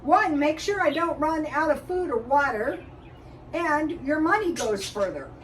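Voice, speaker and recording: A high-voiced older woman rambles slowly through her kitchen routine, stopping often with ums and restarts. She sounds set back from the microphone, with a faint hiss underneath. The tone is a casual home vlog. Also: expressive. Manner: rambling, chatty, frequent fillers and restarts. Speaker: YouTube vlogger. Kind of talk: casual cooking and budget chat. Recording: distant mic with faint background noise.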